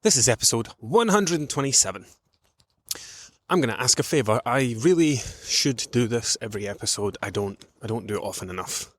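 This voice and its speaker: A man's voice: medium pitch, animated, a little fast, no room sound. A man hosting a nutrition podcast, talking in a casual rambling way with many ums while out on a morning walk. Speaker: podcast host, nutrition coach.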